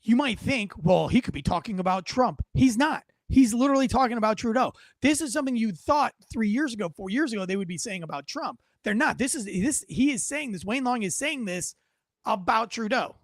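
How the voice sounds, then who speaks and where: A brash American man hosts a political talk show. His voice sits high but carries a gravelly rasp, and he swears freely and turns sarcastic. The sound is dry and close. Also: animated, fairly quick, dry recording. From United States. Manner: brash, profane and sarcastic, mocks others in put-on voices. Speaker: political commentary host. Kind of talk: casual political commentary.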